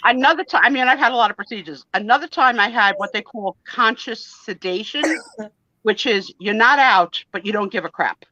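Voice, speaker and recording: Chatty woman guest, bright lively voice, dull lo-fi stream audio, lots of playful storytelling. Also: fairly high pitch, moderate pace, dry recording. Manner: animated, self-deprecating, acts out voices in her stories. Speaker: guest on a live vintage photo sale stream. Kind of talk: casual storytelling chat.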